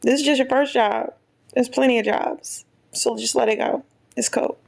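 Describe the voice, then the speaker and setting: A young woman voicing her calm, reassuring mother in a storytime vlog, speaking in a soothing, easygoing way. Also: fairly high pitch, moderate pace, creaky, pitched above the performer's own voice.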